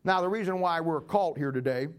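A man's voice: a little high, fast talker, clean tone. A man pastor preaching a sermon to his church, sarcastic and emphatic, telling stories.

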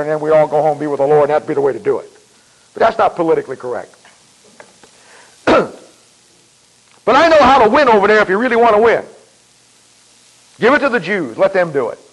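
A man with a high voice preaches a sermon in a folksy, emphatic way, repeating himself and clearing his throat often. The recording is rough.

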